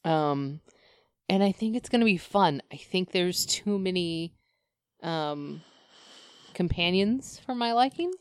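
A woman's voice: fairly low pitch, animated, takes it slowly, pauses often, clear, resonant tone, dry recording. Chatty woman podcast co-host, dry sound. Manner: chatty, laughs often, opinionated. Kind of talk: casual chat.

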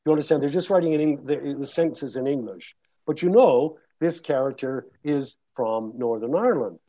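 A man's voice: mid-range voice, lively intonation, normal speed, warm tone. A man who narrates audiobooks, talking casually to an audience in a rambling way with many restarts and fillers. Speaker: audiobook narrator and guest speaker.

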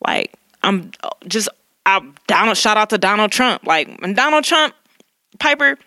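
A woman co-hosting a relaxed conversation, her speech full of "like" and quick laughs. Her voice is bright and crisp, recorded close and dry. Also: mid-range voice, no room sound. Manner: rambling, heavy use of "like", laughs often. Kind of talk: casual conversation.

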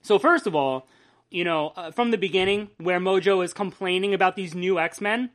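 A host in a casual chat, retelling at length in a rambling, profane, animated way. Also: medium pitch, moderate pace. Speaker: podcast host.

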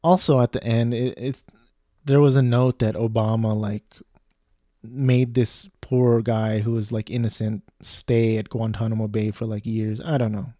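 A man's voice: fairly low pitch, level tone, measured pace, warm tone, dry recording, studio quality. A man talking in a casual, digressive monologue, losing his thread and circling back. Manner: digressive, lots of fillers and restarts.

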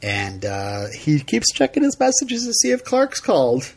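A man co-hosting a podcast, casually recapping a TV episode in a rambling, halting way full of fillers. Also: on the high side, huge pitch swings, creaky, slightly rough. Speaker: podcast co-host.

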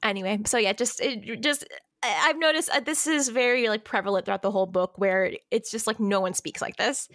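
A woman's voice: mid-range voice, a little fast, a bit bright, no echo, studio quality. A young woman co-hosting a casual book review chat, informal and swearing freely, laughing often. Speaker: podcast co-host, book critic.

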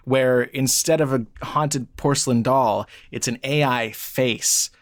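A person co-hosting a casual podcast, playful, self-mocking and quick to laugh. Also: mid-range voice, fairly even intonation, no echo, studio quality. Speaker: podcast co-host. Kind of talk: casual chat.

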